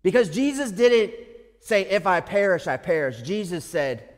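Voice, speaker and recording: A man preaching a sermon as pastor, earnest, moving between hushed and emphatic speech. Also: sits high, big pitch swings, moderate pace. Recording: long hall reverb.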